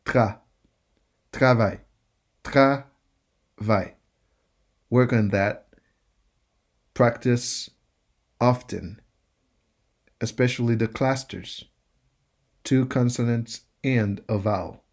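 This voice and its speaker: Male tutor, unhurried, repeats words patiently for learners. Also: mid-range voice, steady tone, darkish tone. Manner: drills each word by repeating it slowly. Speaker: French teacher. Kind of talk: slow pronunciation lesson.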